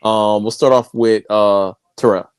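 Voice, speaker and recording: A man co-hosting a casual podcast, giving a steady, conversational recap and asking the others questions. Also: fairly low pitch, a little slow, clear, resonant tone, no echo. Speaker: podcast co-host recapping wrestling.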